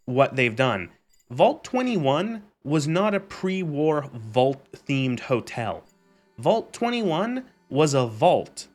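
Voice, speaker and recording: A young man streamer recapping a show in a casual, exasperated rant, animated and swearing freely. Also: mid-range voice.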